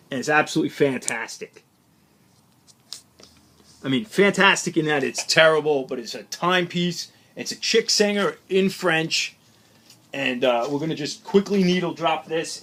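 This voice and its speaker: A man's voice: fairly high pitch, fairly bright tone. A man who collects records, talking casually through his latest vinyl finds in a chatty, opinionated, rambling way. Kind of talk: casual unscripted record haul chat.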